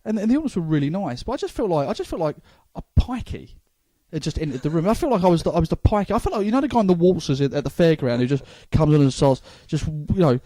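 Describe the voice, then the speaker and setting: Fast, animated London man rambling. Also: fairly high pitch, no room sound. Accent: London English. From England. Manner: rambling, stammering restarts. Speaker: comedian podcast host. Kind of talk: casual chat.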